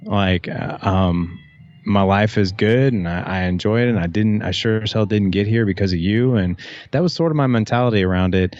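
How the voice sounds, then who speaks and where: A man's voice: lowish voice, moderate pace, darkish tone, muffled recording. A man in his thirties, a podcast guest, telling a personal story casually and candidly, full of restarts and "like", with some swearing. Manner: casual, profane, retells dialogue with many "like"s and restarts.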